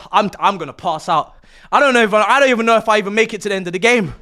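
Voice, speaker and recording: A young man streaming a football watch-along, excitedly yelling and exclaiming at every moment of the match. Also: high-pitched, racing. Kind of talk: live reaction commentary.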